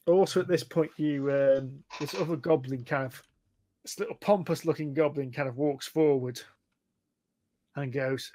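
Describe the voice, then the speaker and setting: A man's voice: fairly high pitch, normal speed, warm tone. A man, narrating a tabletop game as game master in a chatty style, often laughing.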